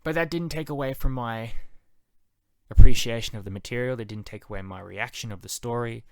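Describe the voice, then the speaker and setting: A man's voice: mid-range voice, brisk, a little mellow, no echo. A man reviewing a TV series in a casual, enthusiastic, conversational monologue. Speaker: TV show reviewer.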